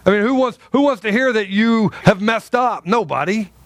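A man's voice: high voice, moderate pace, no room sound. A man preaching a sermon as pastor, impassioned, repeating rhetorical questions and calling for amens.

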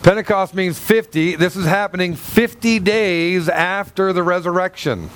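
A male pastor with a high-sitting voice preaches a little slowly, reading scripture and sharing an anecdote. He rambles, repeats himself, and restarts lines, checking in with the congregation by asking "Amen?" and "Okay?"

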